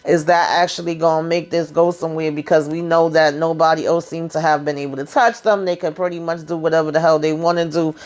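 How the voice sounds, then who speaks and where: A woman's voice: low-pitched, little pitch movement, quick pace, hardly any pauses, a little mellow. A woman casually recapping a TV episode in a chatty, sassy way, full of asides and quoted lines. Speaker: TV show recap vlogger.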